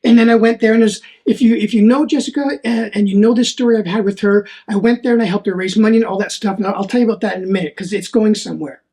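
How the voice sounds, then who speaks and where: A man's voice: high-pitched, steady tone, fast, hardly any pauses, dark tone. A man hosting a solo faith podcast, telling a personal story in an earnest, rambling way and often repeating his words. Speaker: podcast host.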